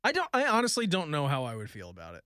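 An excitable man co-hosting a soccer podcast, chatting casually, saying "like" constantly and laughing a lot. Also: a little high, quick pace, no room sound, clean studio sound. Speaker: podcast co-host. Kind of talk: casual sports chat.

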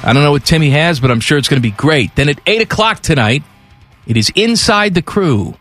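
A man on sports radio with a swinging, expressive voice that sits a little high. He grumbles and jokes sarcastically with his co-host, faint music under him. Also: a little fast.

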